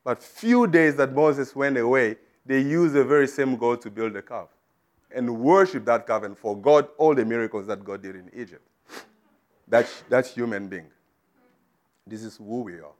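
A man's voice: medium pitch, normal speed. Man, preacher, sermon, emphatic, middle-aged. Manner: emphatic, rising to loud declarations.

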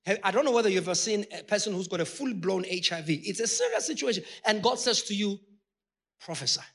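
A man preaching a sermon with passion, talking straight to his congregation and rising to shouted peaks. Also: high voice, animated, quick pace, creaky. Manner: addresses the congregation directly.

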